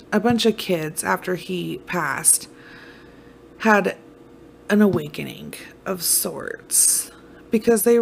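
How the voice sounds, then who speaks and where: A woman podcast host tells a story in a casual, heartfelt way. She leans on fillers and cusses as she goes. Her voice sits a little low, her pace is unhurried, and faint room noise sits behind her. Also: a little mellow. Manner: emotional, fillers, swears, repeats words.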